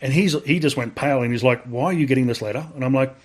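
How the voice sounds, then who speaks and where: An Australian man, a veteran podcast guest, casually tells a story, acting out the dialogue and swearing freely. His voice is medium pitch, and he speaks rapid-fire.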